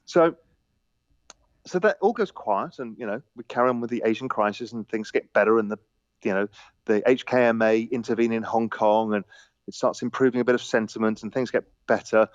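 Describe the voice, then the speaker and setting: A man telling stories on a podcast as a guest, animated, laughing, quoting the people in them. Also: medium pitch, a little fast, no room sound, highs cut off. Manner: animated anecdotes with laughter and quoted dialogue. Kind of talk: casual storytelling.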